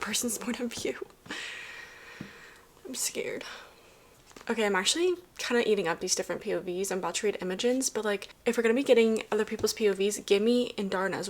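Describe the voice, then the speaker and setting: A young woman with a mid-range voice vlogs casually about a book series, her chatty commentary full of fillers. While reading she often drops to a whisper, and there's a little hiss or hum in the recording.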